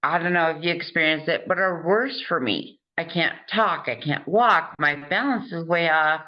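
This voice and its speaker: Woman talking earnest and slow, careful words, kinda dull muffled recording. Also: sits low. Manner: earnest and encouraging, laughs often. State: slow, careful speech after a stroke. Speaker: interview host. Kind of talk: casual conversation.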